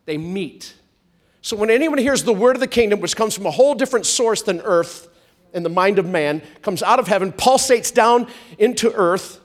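A man preaching a sermon, stretching out words for emphasis and drawing responses from the congregation. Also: high-pitched. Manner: animated, drawn-out emphatic preaching with call-and-response. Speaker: pastor.

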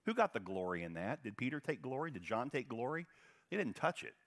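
Lively-voiced male pastor preaching. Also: a little fast. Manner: animated preaching, pitch rising and dropping sharply for emphasis. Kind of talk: sermon.

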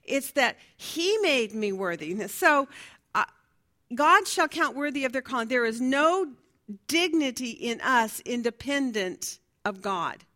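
A woman's voice: high-pitched, expressive, unhurried, bright, forceful tone. A woman teaching a Bible study class in a conversational way, asking her listeners questions and reading from her notes. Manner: fumbles with notes, laughs at herself.

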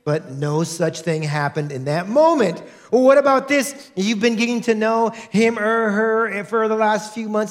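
An earnest male pastor in his thirties with a noticeably high voice. He prays with feeling and then preaches in a conversational way, acting out the people in his stories as he tells them. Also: a little slow, few pauses. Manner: earnest, conversational, acts out quotes in his storytelling. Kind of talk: sermon with opening prayer.

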